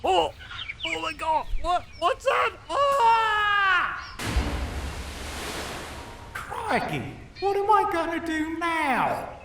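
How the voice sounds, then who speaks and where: A man's voice: sits high, animated, slow pace, vocal fry, fairly bright tone, slight background noise, heavily acted. A man playing a hapless Australian podcast co-host, with an Australian accent and an overexcited, panicky delivery. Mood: panicked.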